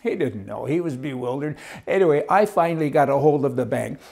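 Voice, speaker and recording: A business owner telling an exasperated personal anecdote, breaking into incredulous outbursts. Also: male voice, on the high side, lively intonation, fairly quick, creaky, a little mellow. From Canada. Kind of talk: ranting personal anecdote to camera.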